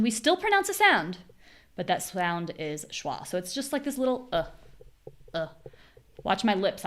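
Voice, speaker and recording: A woman's voice: on the low side, a bit bright. American woman teaching pronunciation live. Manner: demonstrates rhythms by exaggerated stressed syllables; clear, patient teacher checking chat. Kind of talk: live online class.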